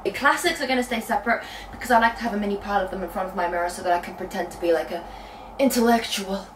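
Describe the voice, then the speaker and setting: A young woman from Britain chatting casually in a book vlog from her bedroom, telling stories in a lively, animated way. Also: mid-range voice, distant mic, over music, poor audio. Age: young adult. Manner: chatty, quick and animated storytelling. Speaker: book vlogger. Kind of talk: casual chat.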